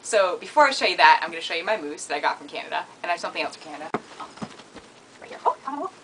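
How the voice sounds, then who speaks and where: A young woman vlogging casually and goofily, rambling between jokes with sudden loud, squealing outbursts. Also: lowish voice, racing, heavy background noise. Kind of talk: casual comedic vlog.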